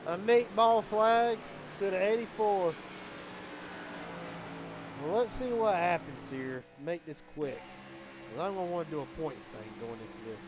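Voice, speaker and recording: A man calling a live sim race as commentator, excitable and quickening with the action. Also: on the high side, noisy background.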